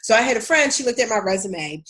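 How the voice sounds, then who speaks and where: A woman's voice: on the high side, expressive, fast, fairly bright tone. A woman with a Baltimore accent, a career coach speaking candidly and casually to viewers on a live stream. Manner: candid, chatty, addresses viewers as y'all.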